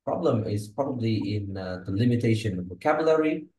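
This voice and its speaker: A man's voice: on the low side, lively intonation, brisk, mellow, reverberant, slight background noise, low-quality recording. A man teaching English and giving exam feedback, with a patient, explanatory manner and frequent check-ins. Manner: patient, explanatory, tags sentences with "okay?" and "huh?".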